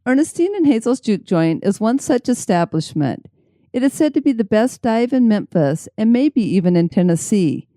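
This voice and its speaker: A woman co-host reads scripted narration in a measured, even manner. Her voice is warm and mellow, at a middle pitch. It is recorded dry and close. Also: no room sound. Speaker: podcast co-host.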